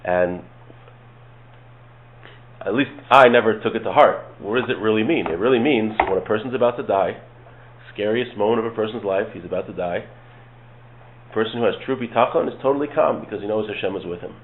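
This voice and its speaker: A man teaching a Torah study class, speaking calmly and explaining step by step, reading Hebrew verses and translating them. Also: fairly low pitch, fairly quick, pauses often, slight background noise. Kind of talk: relaxed study-class lecture. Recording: tinny phone-like lo-fi audio.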